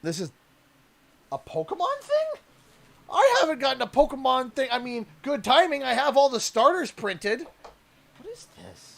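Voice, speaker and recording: A young man from Canada chats through a livestream unboxing, joking and rambling as he goes. His voice sits high for a man and swings widely in pitch, jumping up when something excites him. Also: normal speed, creaky. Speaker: streamer. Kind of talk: casual livestream chat while unboxing.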